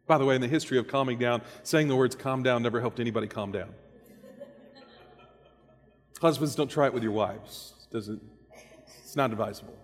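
A man preaching a sermon in a conversational, lively way, firing rhetorical questions at the congregation and dropping in jokes. His voice sits a bit higher than most men's, and a long reverb of a church hall trails each line. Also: normal speed. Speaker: pastor.

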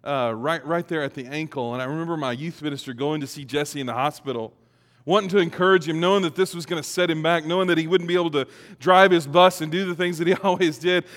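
A pastor giving a sermon in a conversational way that builds to emphatic peaks. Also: male voice, fairly high pitch, fast, a bit bright, big-room sound.

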